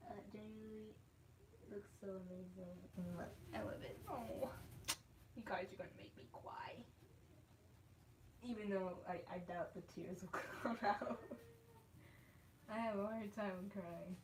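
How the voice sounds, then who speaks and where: A woman's voice: medium pitch, steady tone, a little slow. A woman artist chatting casually with viewers while she paints, rambling, restarting her sentences and laughing often. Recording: echoey room, faint background noise.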